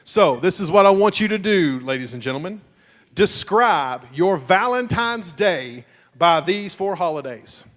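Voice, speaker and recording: Joking pastor hosting a church game. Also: male voice, high-pitched, measured pace. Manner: joking, teasing, animated. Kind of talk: playful game show hosting. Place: church sanctuary, at the altar. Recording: long church hall reverb.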